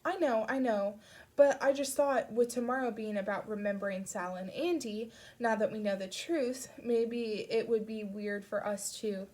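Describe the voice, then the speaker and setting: Woman doing a teenage best friend, bubbly, teasing, raised high voice, audiobook. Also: fairly even intonation, moderate pace, darkish tone, lightly acted. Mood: hesitant.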